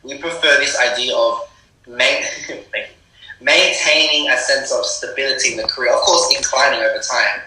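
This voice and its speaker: A man's voice: medium pitch, steady tone, moderate pace, sharp tone, distant mic, slight background noise. A young Australian man, a rapper, talking earnestly in a casual interview, repeating words to stress his points. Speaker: rapper guest. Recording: roomy sound from off-mic.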